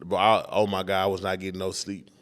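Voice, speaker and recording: A man's voice: low voice, level tone, fast talker, fairly bright tone. A man in his thirties with a Houston accent, a guest on a podcast, telling stories in loose casual talk and acting out his daughter's lines. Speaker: rapper guest. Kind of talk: casual interview chat.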